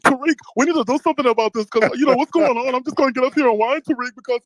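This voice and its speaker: A man's voice: very high voice, racing, no room sound, voice pushed up, poor audio. A man putting on a mocking impression of a whiny grown man who begs for help. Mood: whining. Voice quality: nasal whining, pleading.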